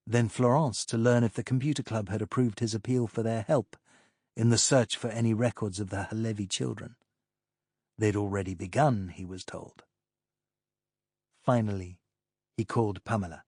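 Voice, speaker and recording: A man reading a mystery novel aloud in even, unhurried scripted narration. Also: on the low side, no room sound, studio quality. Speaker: audiobook narrator.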